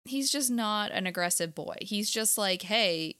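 A woman's voice: mid-range voice, normal speed, smooth, dry recording, studio quality. A young adult woman co-hosting a podcast, chatting expressively and giving her opinions. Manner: expressive, opinionated, laughs often. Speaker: podcast co-host. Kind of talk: casual chat.

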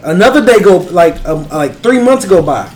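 A man's voice: high voice, moderate pace. A man telling a personal story in casual talk, acting out what others said. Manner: animated storyteller acting out quotes. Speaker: podcast co-host.

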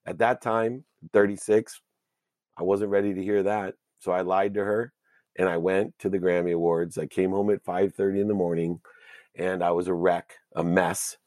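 A man's voice: deep voice, flat delivery, darkish tone, dry recording. Earnest man telling his story, dry sound. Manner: earnest, emotional, with halting restarts. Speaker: guest. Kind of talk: personal storytelling.

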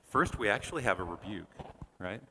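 A man leading a Bible study, reading scripture aloud and explaining it in a conversational, animated way. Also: fairly low pitch, a little fast, in a large hall, slight background noise. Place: church. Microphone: wore a face mask at first.

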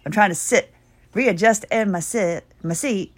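A middle-aged woman hosting her own podcast, chatty and rambling with sudden excited bursts, while her voice is giving out. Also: mid-range voice, a little slow. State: losing her voice. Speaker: podcast host. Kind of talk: casual solo podcast talk.

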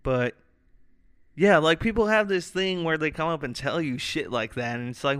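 A man's voice: on the high side, normal speed, fairly bright tone, clean tone, dry recording. A man hosting a solo podcast, rambling casually into a close microphone, swearing freely and breaking into rants. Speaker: podcast host. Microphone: microphone close to mouth.

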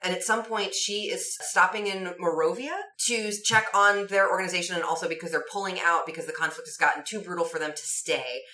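A woman co-hosting a podcast, summarizing a movie in casual chat with wry, deadpan remarks. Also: on the low side, fairly quick, few pauses. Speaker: podcast co-host. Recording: roomy, distant from mic.

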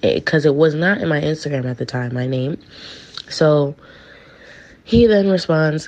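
Gravelly-voiced woman telling a story. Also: deep voice, a little slow, pauses often, a little mellow. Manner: chatty, acts out quoted texts. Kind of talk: casual personal storytelling. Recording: dull lo-fi recording.

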